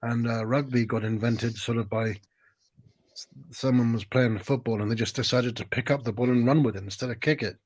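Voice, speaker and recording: This is an English man with a mid-pitched voice, talking as a guest in a casual stream chat. He is hesitant and dry, and he often lets his sentences trail off into quiet. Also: steady tone, fairly quick.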